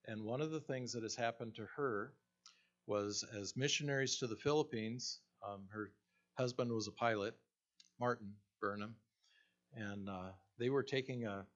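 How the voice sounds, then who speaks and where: A male pastor delivering a sermon and telling a story slowly, with fillers and restarts. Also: lowish voice. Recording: dull lo-fi recording.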